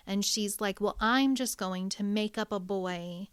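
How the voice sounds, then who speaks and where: A woman chats about books on a podcast, retelling a story in a rambling, animated way full of filler words. Her voice sits at an ordinary middle pitch. The sound is dry and close. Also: unhurried, clear, resonant tone, no room sound. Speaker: podcast co-host. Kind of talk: casual book chat.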